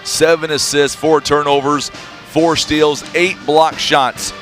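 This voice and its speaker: Male play-by-play announcer, slightly high voice, brisk stat rundown, light music bed. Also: little pitch movement, fairly bright tone. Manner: brisk, reels off numbers, teasing. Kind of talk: radio basketball halftime stats rundown.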